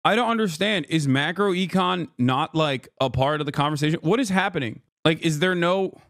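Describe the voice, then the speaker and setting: Exasperated high-voiced male streamer. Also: a bit bright, dry recording, clean studio sound. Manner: exasperated, incredulous, rapid rants. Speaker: streamer reacting to news. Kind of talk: profane political commentary.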